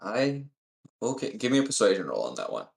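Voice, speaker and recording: A man's voice: low-pitched, wildly swooping pitch, rapid-fire, creaky. A man running a tabletop game, explaining things wryly in long run-on sentences. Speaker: game master. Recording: roomy echo.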